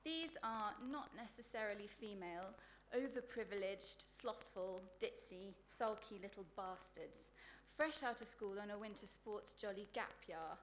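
A woman reading her own comic prose aloud at a live book event, in a sardonic, deadpan voice full of crude insults. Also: mid-range voice, measured pace, hardly any pauses, a little hiss or hum. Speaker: author reading her work.

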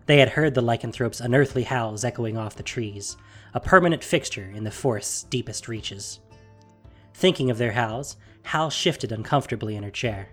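A narrator reading a fantasy story aloud in a measured, steady storytelling manner. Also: medium pitch.

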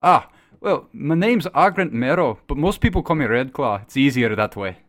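A man voicing a loud, eager male druid adventurer raised in the forest, speaking up over a noisy tavern. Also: medium pitch, animated, normal speed, no room sound, clean studio sound, voice pushed up, natural voice. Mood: boisterous.

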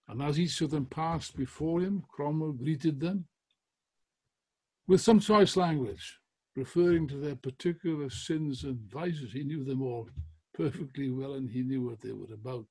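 A man giving a history talk as a storyteller, animated, with frequent restarts and chuckles. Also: fairly high pitch, unhurried, breathy edge. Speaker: podcast speaker on history.

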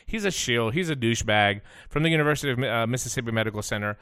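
A man hosting a radio show, telling stories in a fired-up, profane, animated way. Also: medium pitch, very fast, smooth, dry recording, studio quality. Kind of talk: casual ranting talk.

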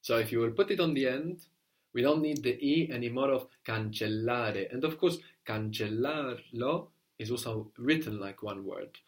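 Patient man teaching a language lesson. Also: medium pitch. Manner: patient, explains slowly, repeats words for the student.

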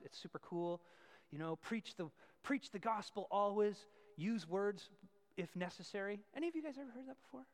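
A male pastor preaching a sermon, switching between loud emphatic points and quiet asides. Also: sits high, in a large hall.

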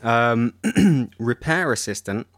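A man's voice: mid-range voice, animated, slow, no room sound, studio quality. Chatty man explaining audio tools. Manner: chatty, enthusiastic, explains with examples. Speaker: podcast co-host. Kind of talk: casual tech chat.

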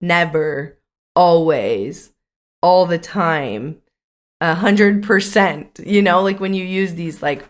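Chatty woman coach, lower voice. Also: slow. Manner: chatty, uses many "like" fillers. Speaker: podcast co-host and coach. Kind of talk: casual chat.

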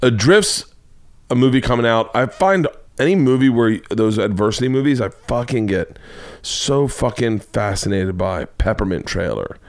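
A middle-aged man talks into a studio mic, hosting his own comedy podcast. His voice sits at an ordinary male pitch, and he rambles from one story to the next. He swears freely and keeps the delivery loose and animated. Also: normal speed. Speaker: podcast host. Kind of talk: casual comedic monologue.

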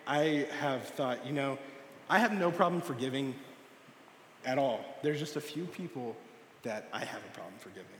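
A man's voice: mid-range voice, a little hiss or hum. A young man giving a sermon to a church group, telling a personal story and acting out the dialogue. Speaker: youth speaker. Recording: echoey hall with long reverb.

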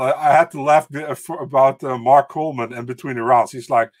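A man's voice: mid-range voice, normal speed, no room sound. Easygoing male podcast co-host. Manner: hesitant, many fillers and restarts, laughs easily. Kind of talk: casual chat.

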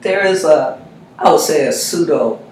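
A man, a reverend, talking through faith and health in a measured, reflective way. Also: on the high side, expressive, darkish tone. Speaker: reverend, guest. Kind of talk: conversational discussion. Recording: very echoey room, faint noise.

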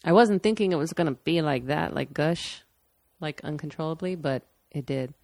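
A woman's voice: low-pitched, moderate pace, creaky, darkish tone, no echo, clean studio sound. A woman telling a personal story candidly and matter-of-factly in casual conversation. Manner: candid, matter-of-fact, with restarts.

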